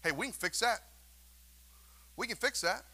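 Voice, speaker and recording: Male pastor, high bright voice, emphatic call-and-response sermon in a church. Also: animated, moderate pace. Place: church sanctuary.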